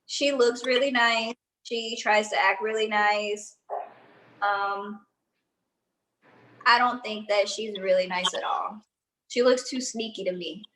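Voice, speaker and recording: A woman's voice: mid-range voice, steady tone, takes it slowly, long pauses, a bit bright, slight background noise, rough recording. Woman, co-host, casual review chat, opinionated, gossipy. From Louisiana.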